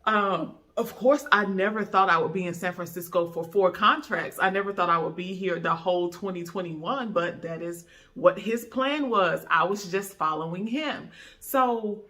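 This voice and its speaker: A young woman from North Carolina with a Southern lilt chats to camera in a relaxed sit-down vlog. Her voice sits a little low but rings bright and clear. She talks in a friendly, easygoing way, calling her viewers y'all. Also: moderate pace. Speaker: YouTuber, travel x-ray tech. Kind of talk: casual sit-down talk to camera.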